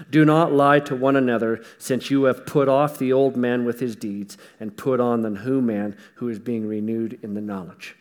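A man preaching a sermon in a folksy, emphatic way, swinging between loud stresses and hushed asides, with touches of humor. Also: medium pitch, fairly even intonation, moderate pace, hardly any pauses, in a large hall.

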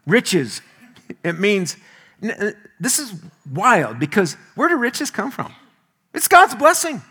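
A man delivers a sermon as pastor in a slightly high, bright and forceful voice. He preaches in a folksy, animated way and slips easily into homely personal stories. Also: slow, breathy edge.

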